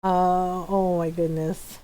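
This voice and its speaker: A woman's voice: on the low side, slow. A woman streaming a video game, chatting casually and telling stories about her pets with lots of laughter. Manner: chatty, laughing, animated storytelling. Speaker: gaming streamer. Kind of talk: casual chat while live-streaming a game.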